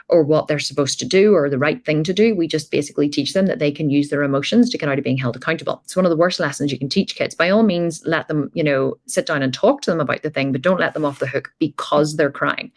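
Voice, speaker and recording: A middle-aged woman hosting her own podcast, telling stories in a chatty way with frequent asides. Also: sits low. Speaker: podcast host. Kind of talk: casual storytelling monologue.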